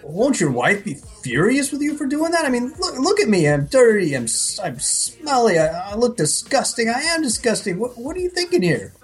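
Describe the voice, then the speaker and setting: A man voicing a dirty, shabby homeless man who protests in a high, exasperated voice, in a comedy podcast joke. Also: sing-song, moderate pace, hardly any pauses, slightly rough, soft background music, heavily acted. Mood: incredulous.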